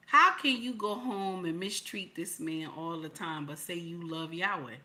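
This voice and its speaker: A woman's voice: lowish voice, unhurried, hardly any pauses, bright, forceful tone. A woman hosting a livestream, preaching in a blunt, colloquial way. She repeats her points and fires off rhetorical questions. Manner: emphatic, repeats lines and asks rhetorical questions. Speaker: livestream host.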